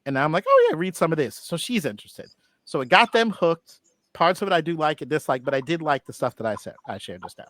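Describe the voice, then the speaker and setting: A man in his forties talks on a panel in a fairly high voice, recorded with a dry, close sound. He is enthusiastic and rambles loosely through his points in casual chat. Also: animated, brisk, a bit bright, no echo. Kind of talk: casual film review chat.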